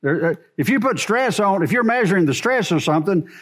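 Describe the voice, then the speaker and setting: A man's voice: high voice, lively intonation, a little fast, fairly bright tone. A man preaching a sermon to a congregation in a church, asking rhetorical questions as he goes. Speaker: pastor.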